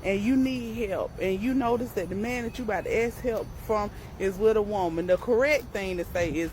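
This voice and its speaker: A woman's voice: mid-range voice, brisk, hardly any pauses, darkish tone, a little hiss or hum, rough recording. A woman tells a storytime vlog from a grocery store aisle. She talks in an amused, sassy and chatty way, drawing her viewers into the tale.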